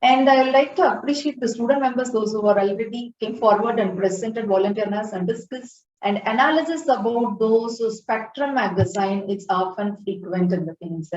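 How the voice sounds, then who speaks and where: An earnest woman delivers a formal, encouraging address over a video call, pausing often on fillers. She sounds set back from the microphone in a roomy space. The audio is dull and lo-fi. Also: on the high side, darkish tone, far from the mic. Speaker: student branch counselor giving an address.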